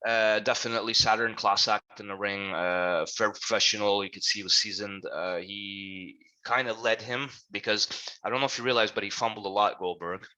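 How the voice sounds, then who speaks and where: A man chats eagerly about wrestling and keeps jumping in to agree. His voice is fairly low but very bright and forceful. His phrasing comes out a little broken. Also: steady tone, low-quality recording. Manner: enthusiastic, quick agreements, slightly broken phrasing. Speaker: podcast co-host. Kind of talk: casual chat.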